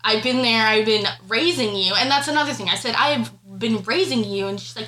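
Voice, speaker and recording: A woman's voice: fairly high pitch, fairly quick, bright, forceful tone, low-quality recording. A pregnant woman on a podcast, emotionally retelling a family argument with lots of fillers. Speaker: podcast co-host. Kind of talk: casual chat, personal storytelling.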